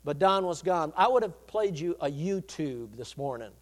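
A man pastor preaching a sermon, shifting between loud, emphatic declarations and quiet, conversational asides, in a church. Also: a little high, animated, normal speed. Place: church sanctuary. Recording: long hall reverb.

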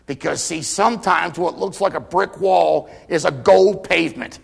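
A man preaching a sermon, retelling scripture stories dramatically and voicing the people in them, swinging from loud cries to near whispers. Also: sits high, big pitch swings, moderate pace, gravelly, few pauses, slightly rough. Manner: dramatic storytelling, acting out quotes with big swings in volume.

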